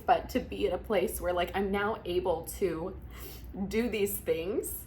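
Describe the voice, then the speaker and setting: A young woman vlogging to camera, reflecting emotionally on her business and often pausing to restart her sentences. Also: medium pitch, darkish tone, slight background noise. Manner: emotional, laughing through tears, many likes and restarts. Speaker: vlogger and virtual assistant business coach. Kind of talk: casual reflective talk to camera.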